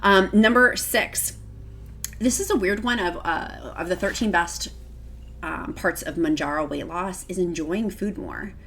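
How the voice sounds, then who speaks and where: A woman vlogger with a slightly low voice talks casually to her camera. She is middle-aged, gushing and emotional, and sounds close to tears at times. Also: measured pace, fairly bright tone, slight background noise. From Virginia, United States.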